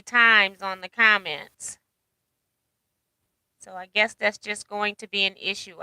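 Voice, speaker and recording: A woman's voice: medium pitch, slow, long pauses, pushed and bright, smooth, no room sound, poor audio. A woman hosting a casual livestream, reading out viewer comments and chatting with a laugh. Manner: chatty, laughs often, reads comments aloud. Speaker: livestream host.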